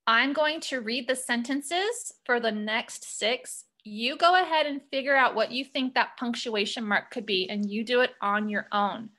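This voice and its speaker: A woman teacher walking young students through a punctuation lesson, reading sentences aloud slowly and asking prompting questions. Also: on the high side, bright, forceful tone.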